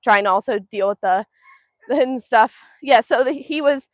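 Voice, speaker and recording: Out on a farm, a woman hosts a relaxed phone livestream for her homestead, chatting and frequently laughing while responding to viewers. Her voice is on the high side at a normal speed, captured in studio-quality sound with no echo.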